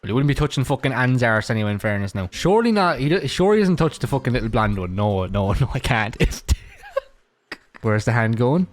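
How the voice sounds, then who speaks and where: A man's voice: mid-range voice, very animated, brisk. An Irish man giving crude, mocking reaction commentary, swearing freely as he riffs on clips and memes. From Ireland.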